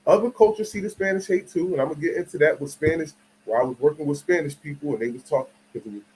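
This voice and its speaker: A man's voice: fairly high pitch, quick pace, a little mellow, a little hiss or hum, poor audio. A man hosting his own channel, telling stories in a casual, slangy commentary that rambles and restarts and keeps checking that listeners follow. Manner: asks the audience for agreement. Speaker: channel host.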